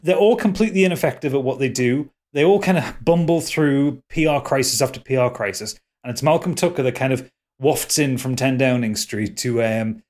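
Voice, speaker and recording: A man's voice: medium pitch, brisk, a little mellow. A man with a Geordie accent hosting a podcast in casual chat, rambling with fillers and restarts. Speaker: podcast host.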